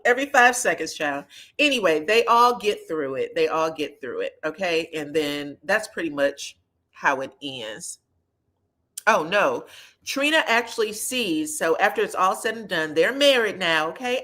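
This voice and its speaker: A sassy woman recaps reality TV gossip in a chatty, casual way. Her voice sits in an ordinary middle range, and she slips into lively impressions whenever she quotes someone. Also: medium pitch, a little slow.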